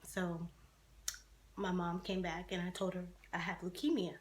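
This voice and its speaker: A woman's voice: lowish voice, level tone, a little slow. Young woman telling her story candidly. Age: 20s. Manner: candid and conversational, many fillers and restarts. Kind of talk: personal storytelling to camera.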